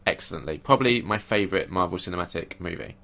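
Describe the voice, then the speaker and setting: Male podcast co-host, lowish voice, easygoing and opinionated. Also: quick pace, gravelly, bright, forceful tone. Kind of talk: casual film discussion.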